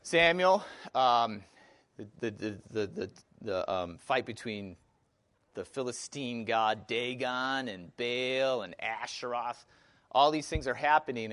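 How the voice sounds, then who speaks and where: A man's voice: mid-range voice, a little slow, fairly bright tone. A man with a Wisconsin accent teaching a Bible study class, speaking conversationally with fillers and questions to the group.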